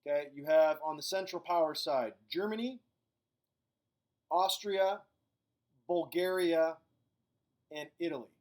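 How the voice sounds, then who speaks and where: A middle-aged man giving a recorded history lecture in a casual, joking way. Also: on the high side. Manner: casual, acts out countries in quick silly voices. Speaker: history teacher.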